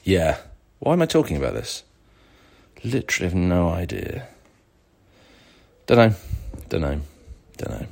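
A man's voice: sits low, big pitch swings, moderate pace, pauses often. A man hosting a solo podcast, rambling and digressive with a sarcastic edge. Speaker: podcast host. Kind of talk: casual solo podcast monologue.

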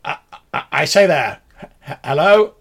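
A man voicing a nervous, pompous gentleman patron who stutters through grand old-fashioned speeches. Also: fairly high pitch, expressive, normal speed, vocal fry, pitched above the performer's own voice.

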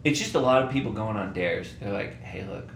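A man co-hosting a podcast, easygoing in casual chat, chiming in with quick agreement. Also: lively intonation, vocal fry. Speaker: podcast co-host. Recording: roomy sound with faint rumble.

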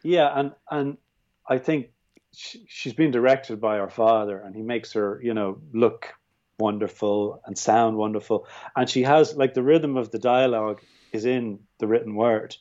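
A man's voice: mid-range voice, a little slow, darkish tone, lo-fi sound. An Irish man, a guest on a podcast, talking through films thoughtfully with many restarts and "you know"s. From Ireland. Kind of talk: casual film discussion.

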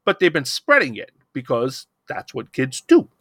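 A man's voice: mid-range voice, huge pitch swings, moderate pace, fairly bright tone, slightly rough, dry recording, clean studio sound. A middle-aged man co-hosting a podcast, talking in a casual roundtable discussion, impassioned and rambling with restarts. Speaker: podcast co-host.

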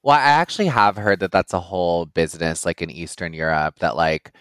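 A man talking in a casual podcast chat, slow and halting with fillers. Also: sits low, fairly bright tone, clear, resonant tone, dry recording.

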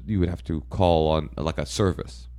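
Deep low man, fast-talking comedian, casual chat, animated storytelling. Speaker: comedian guest.

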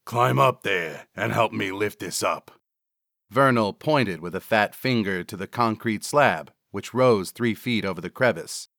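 A man reading a horror story in a measured narrating style. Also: fairly low pitch, fairly bright tone, no room sound, studio quality.

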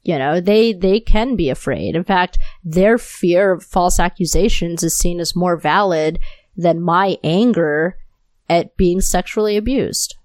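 A woman hosts a solo podcast and rants into her new mic, furious and unfiltered, with curses scattered all through her talk. Her voice sits on the low side for a woman, and the recording is dry and close. She speaks fervently and directly. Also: unhurried, darkish tone, no echo. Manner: angry, profane, impassioned. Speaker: podcast host.

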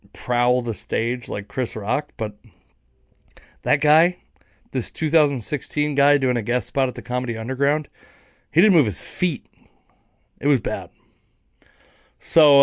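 A young stand-up comedian and podcast host from the Seattle area rambles through road stories in a casual, self-mocking monologue with many restarts. His voice is mid-range, and the recording is dry with clean studio sound.

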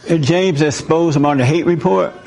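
Man, higher-pitched voice, animated, preachy talk to a live room. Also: moderate pace. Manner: animated, asks the audience questions. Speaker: host speaking to a live audience.

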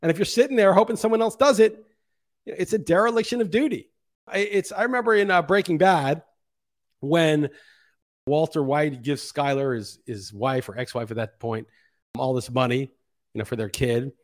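A man's voice: fairly high pitch, normal speed. Fired-up man ranting on his podcast. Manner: impassioned, ranting, profane. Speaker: podcast host. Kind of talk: monologue podcast commentary.

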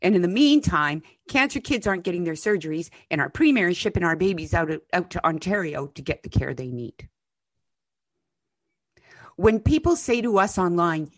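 A woman's voice: on the low side, very animated, normal speed, dry recording. A woman co-hosting a political podcast, speaking with raw anger and blunt swearing about her province. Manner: angry, emphatic, swearing. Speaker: podcast co-host. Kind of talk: impassioned political commentary.

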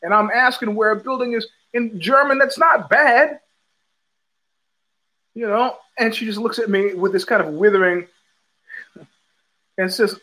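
A man's voice: sits high, lively intonation, moderate pace, pushed and bright, rough recording. An older man hosting a podcast, telling a rambling story with many fillers and restarts, acting out the people he quotes. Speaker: podcast host. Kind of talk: casual storytelling monologue.

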